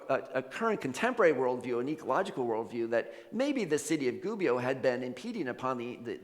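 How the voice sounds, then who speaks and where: Animated male minister in a reverberant hall. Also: on the high side, creaky. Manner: animated, casual storyteller acting out voices. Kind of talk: storytelling sermon. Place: church sanctuary.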